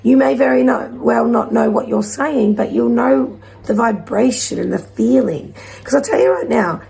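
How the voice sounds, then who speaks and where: A woman giving a gentle, encouraging spiritual card reading to her viewers, rambling at times. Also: a little high, normal speed, creaky, hardly any pauses, slight background noise. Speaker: intuitive card reader.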